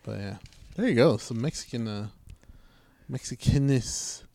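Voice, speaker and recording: A man's voice: mid-range voice, a little slow, creaky, dark tone. Laid-back man telling a story. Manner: laid-back storytelling, swears a lot, acts out voices. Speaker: podcast co-host. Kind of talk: casual chat.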